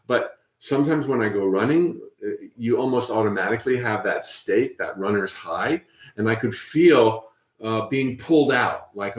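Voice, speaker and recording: A man hosting a spiritual talk, conversational and encouraging, often repeating phrases softly as he guides listeners. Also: mid-range voice, animated, measured pace, roomy sound. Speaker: host.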